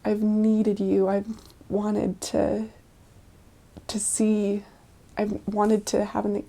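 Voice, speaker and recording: A woman voicing a tearful teenage young mother who speaks in a hushed, halting way. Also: medium pitch, completely flat delivery, gravelly, heavily acted. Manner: hushed, halting, soft-spoken.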